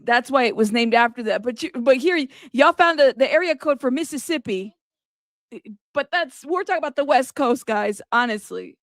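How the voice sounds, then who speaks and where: High-voiced woman host, animated live commentary, dry sound. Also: normal speed, no room sound. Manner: animated, talks to viewers directly. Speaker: livestream host.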